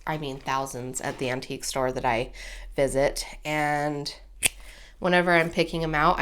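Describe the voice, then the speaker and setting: A woman's voice: low-pitched, fairly bright tone. A woman hosting a casual crafting tutorial, chatty and gushing, easily moved by what she shows. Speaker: crafting video host.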